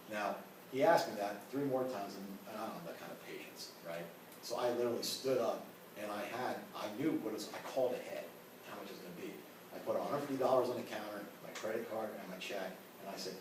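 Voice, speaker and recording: A man's voice: mid-range voice, fairly quick. Man, classroom lecture, conversational, heavy room echo, distant mic, faint hiss. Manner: conversational, frequent "you know" and "right?". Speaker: ethics instructor. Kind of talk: classroom lecture with personal anecdotes.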